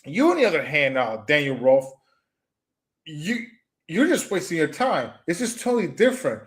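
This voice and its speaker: A young man on a commentary stream, his voice sitting high and swooping all over as he rants. He trash-talks in mocking jabs, trips over his own restarts and keeps circling back to the same phrases. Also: big pitch swings, normal speed. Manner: trash-talking, repetitive, stumbling restarts, mocking "moo" noises. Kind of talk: ranting call-out commentary.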